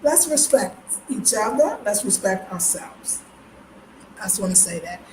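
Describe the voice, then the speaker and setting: High-voiced effusive woman on a livestream. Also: expressive, unhurried, a little hiss or hum. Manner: effusive, emotional, greets viewers by name; blunt, preachy about respect. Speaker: livestream host. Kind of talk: casual live-stream chat. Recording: roomy echo.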